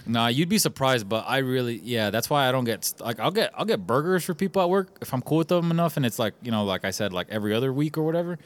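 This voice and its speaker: Fast-talking young man, swearing. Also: mid-range voice. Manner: swears a lot, animated storytelling. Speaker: podcast co-host. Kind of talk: casual chat.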